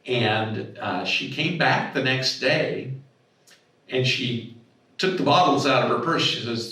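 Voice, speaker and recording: A man's voice: medium pitch, measured pace. A middle-aged man giving a storytelling talk at a symposium, acting out the voices in his anecdotes with sudden bursts of energy. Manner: animated anecdote-telling, acts out dialogue with raised voice. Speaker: speaker at a symposium. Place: hotel conference room. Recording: echoey hall, voice from far off.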